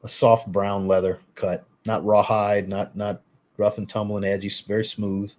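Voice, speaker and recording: Casual male live-streamer, low-ish voice, easygoing and chatty, reacts to chat. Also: little pitch movement, moderate pace, a little mellow. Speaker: fragrance reviewer hosting a live stream.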